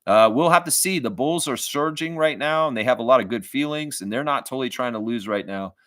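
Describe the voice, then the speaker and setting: A middle-aged man from the southern United States hosts a sports fan livestream, reading out viewer comments in a rambling, filler-heavy chat that flares into profane rants. His mid-range voice is a bit bright and fairly quick, with no room sound.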